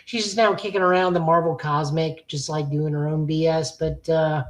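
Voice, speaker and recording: A woman's voice: low voice, fairly even intonation, normal speed, low-quality recording. Blunt, opinionated woman podcast co-host. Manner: opinionated, blunt, frequent fillers. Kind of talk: casual comic-book review chat.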